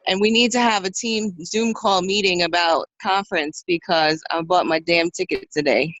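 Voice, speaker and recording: A woman's voice: on the low side, fairly even intonation, normal speed, a bit bright, dry recording, muffled recording. A woman on a team call, talking frankly and casually. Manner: frank, casual, says "y'all".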